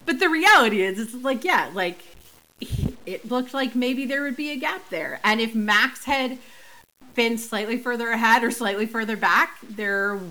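A woman's voice: fairly high pitch, moderate pace, pushed and bright, a little hiss or hum, low-quality recording. A woman co-hosting a podcast in casual chat, reasoning things through at length with many fillers. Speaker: podcast co-host.

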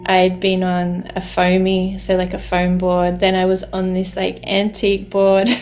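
A woman's voice: medium pitch, a little mellow. A woman telling a personal story in a heartfelt way, laughing often as she talks. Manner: heartfelt, laughs often, speaks of the ocean lovingly.

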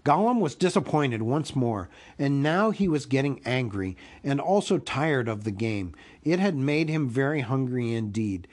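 A man reading a storybook aloud as a podcast host, with an expressive, unhurried delivery. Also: medium pitch.

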